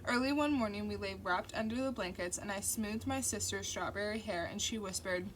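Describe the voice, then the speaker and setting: A woman reads a novel aloud in the first person, her mid-range voice steady and intimate. Faint construction noise drifts in behind the reading. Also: medium pitch, fairly quick, hardly any pauses. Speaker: audiobook narrator. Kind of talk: first-person audiobook narration.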